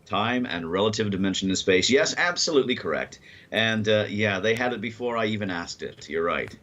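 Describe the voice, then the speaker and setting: A man acting as quiz master on a live stream, explaining rules in a measured, patient way. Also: on the low side, expressive, fairly bright tone, muffled recording. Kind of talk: casual chat and quiz hosting.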